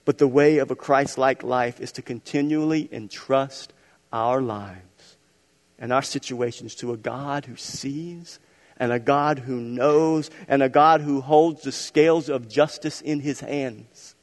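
A man preaching a sermon as pastor, moving between loud emphatic stretches and soft, hushed passages. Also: mid-range voice, fairly even intonation, unhurried. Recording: long reverb of a large hall.

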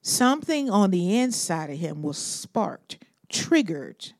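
A woman preaching a sermon. She is animated and swings between loud emphatic bursts and hushed asides, acting out Bible figures in modern slang. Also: lowish voice, slow pace, no echo, studio quality.

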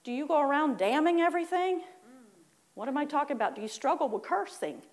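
A woman's voice: high voice, lively intonation, brisk. A woman preaching a sermon in a chatty way, acting out complaining churchgoers and laughing at her own asides.

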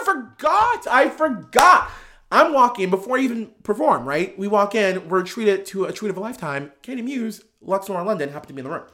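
Animated drag performer telling a story. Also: medium pitch. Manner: animated, lots of filler words and restarts, swears; laughs while talking. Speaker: podcast guest. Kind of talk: casual storytelling.

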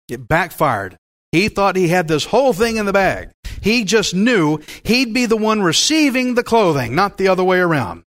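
A man preaching a Bible-teaching sermon as pastor, in a folksy, joking and animated way. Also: high voice.

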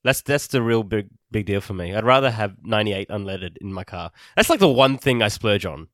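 Lively, bright Australian man. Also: on the low side, no echo, studio quality. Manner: playful, quick to laugh, teasing questions. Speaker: podcast co-host. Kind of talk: casual chat.

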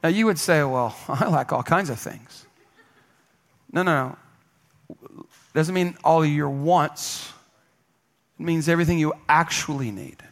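Male pastor, high-pitched, emphatic sermon delivery, call-and-response with the congregation. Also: a little slow, gravelly, long pauses. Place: church sanctuary.

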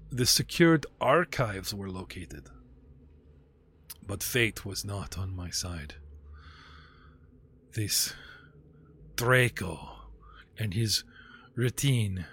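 A caged fallen Jedi master, a male alien sunk in despair, as a man puts him on at a tabletop game. He speaks at an ordinary middle pitch, bitter and self-pitying, and drops curses into his grim telling. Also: a bit bright. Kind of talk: tabletop role-play character voice.

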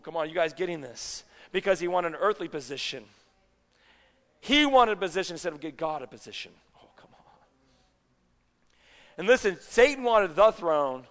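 Guy preaching a sermon, kinda high voice, keeps asking the crowd if they're with him, big echo. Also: moderate pace, long pauses. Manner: animated, conversational, checks in with the audience. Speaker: pastor.

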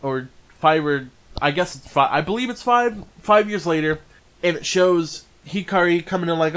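Sex: man. Role: anime reviewer. Style: casual video review. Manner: enthusiastic, rambling. Pitch: slightly high. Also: normal speed, fairly bright tone, smooth. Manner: enthusiastic, rambling, frequent restarts.

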